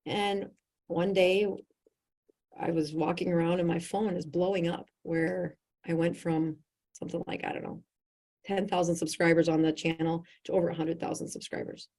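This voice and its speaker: A middle-aged woman physician telling a story as a podcast guest, animated and laughing often as she acts out what people said. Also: on the low side, normal speed. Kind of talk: conversational storytelling.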